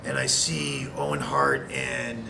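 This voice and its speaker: A middle-aged man from Canada, a retired wrestler telling an animated anecdote as a guest on a video call. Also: mid-range voice, takes it slowly, creaky, a little hiss or hum. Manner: animated, acts out quotes. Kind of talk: anecdote storytelling.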